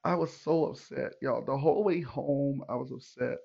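Gravelly man telling a loose story. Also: mid-range voice, moderate pace, a little mellow, dull audio. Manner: loose, conversational, many fillers and asides to listeners. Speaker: podcast host. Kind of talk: casual storytelling monologue.

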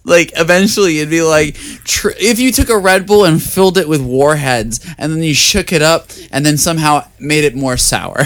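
A man's voice: fairly high pitch, normal speed, few pauses. A man co-hosting a casual podcast chat, rambling and laid-back, swearing casually. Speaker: podcast co-host.

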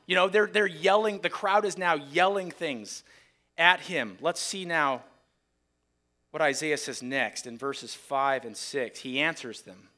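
A man preaching a sermon, reading scripture aloud dramatically and acting out the voices of a shouting crowd. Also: a little high, a little slow. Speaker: pastor.

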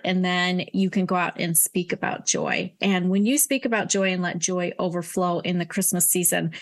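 A middle-aged woman, an author, speaking earnestly in a casual interview about her faith, with some fillers and restarts. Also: lowish voice. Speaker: author guest. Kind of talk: casual Christian interview talk.

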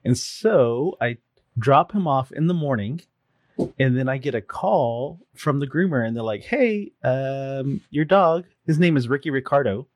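A man spins a casual anecdote for friends, laughing as he goes and slipping into quick voices for the people in his tale. His voice sits at a middle pitch and sounds close and dry, with no room around it. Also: no echo. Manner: animated, laughs often, acts out voices in his stories. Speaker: participant sharing a story. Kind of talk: casual storytelling among friends.

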